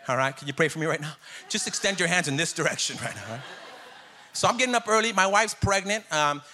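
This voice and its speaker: A man's voice: a little high, fast, pushed and bright, a little hiss or hum. A man in his thirties preaching a sermon in a conversational, joking way, calling out to the congregation. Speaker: pastor.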